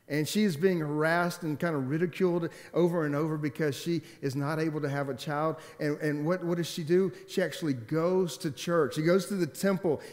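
A man in his forties, a pastor preaching a sermon in a church, telling stories and swinging between loud emphatic stretches and quiet, subdued ones. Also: a little high. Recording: long hall reverb.

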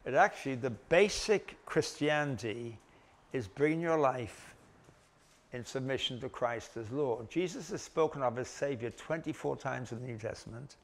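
Guy teaching a bible lecture, mid-pitch, chatty, lots of little restarts and dry jokes on himself. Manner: conversational, with gentle self-deprecating humor; halting, with restarts and pauses.

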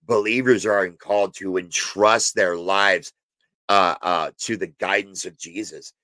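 A man's voice: sits low, fairly bright tone, no echo. A man teaching on a Bible passage in a casual, rambling way, full of fillers and restarts, sometimes emphatic. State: has hiccups. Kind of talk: informal spoken Bible teaching.

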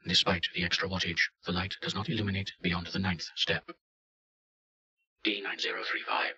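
A man giving deadpan scripted narration of a report. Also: sits low, moderate pace, creaky, dull audio.

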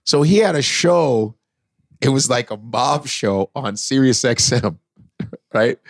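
A man, a comedian guest on a podcast, telling animated stories with lots of cursing and impressions. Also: medium pitch, slow pace, dry recording, studio quality. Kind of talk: casual podcast storytelling.

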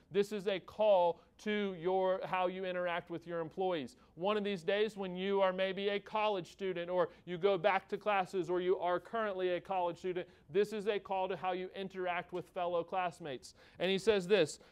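A man's voice: high voice, smooth. A man in his thirties, a pastor delivering a sermon in a conversational way, telling family stories and checking in with the congregation with "okay?" and "all right?". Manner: tells family stories with a light touch.

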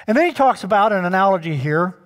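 A man's voice: high voice, expressive, quick pace. A male pastor preaching a sermon to his congregation, drawing out key words and addressing them directly. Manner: emphatic, draws out key words. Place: church sanctuary. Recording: long church reverb.

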